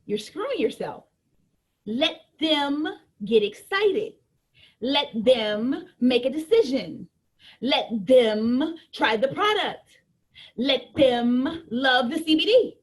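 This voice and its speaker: A woman's voice: high-pitched, animated, slow, slightly rough. A woman giving an emphatic, joking business training talk, repeating her points and preaching to her team.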